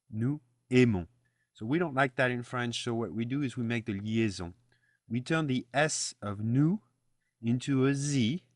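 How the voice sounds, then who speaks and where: In a dry, studio-quality recording, a man with a mid-range voice gives a French lesson. He patiently explains pronunciation and repeats phrases so the listener can copy them in repeat-after-me drills.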